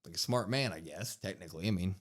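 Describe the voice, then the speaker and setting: A deep-voiced man talks fast as he co-hosts a wrestling podcast, recapping an episode in casual chat. He's animated, acting out the quotes in a raised voice.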